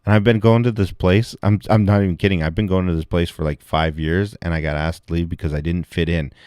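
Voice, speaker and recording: A man's voice: low-pitched, fairly even intonation, fast talker, a little mellow, clean tone, no echo, studio quality. A man talking casually to his viewers, rambling through a story with lots of swearing and laughter between phrases. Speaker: vlogger telling a story.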